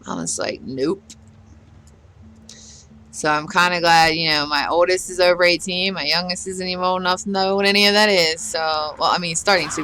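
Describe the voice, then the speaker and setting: A middle-aged woman vents her exasperation in a blunt, casual rant while she plays a game for her vlog. Her voice is bright and forceful, and she talks with a sharp edge. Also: deep voice, slight background noise, rough recording. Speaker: gaming vlogger.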